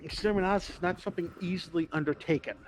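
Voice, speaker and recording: A man's voice: high voice, fast, rough recording. A man hosting a casual lore podcast, enthusiastic and profane, quizzing his co-hosts. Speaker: podcast host.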